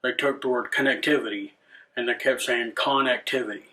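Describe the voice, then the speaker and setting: A man's voice: medium pitch, fairly even intonation, fairly quick, bright, forceful tone. A man hosting a rant video, swearing a lot, irritated and sarcastic, with frequent restarts. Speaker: channel host. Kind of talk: ranting commentary.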